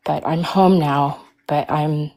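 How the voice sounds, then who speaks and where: A woman speaks over a video call in a low, flat voice with a gravelly edge. She talks haltingly, with many restarts and fillers. She sounds close to tears as she tries to hold herself together. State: tearful, fighting emotion. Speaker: caller sharing her story. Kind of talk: emotional personal account on a livestream.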